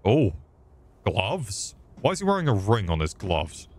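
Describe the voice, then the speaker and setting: A man's voice: fairly low pitch, huge pitch swings, a little slow, darkish tone, breathy edge. A man streaming a game with crude, mocking comic commentary.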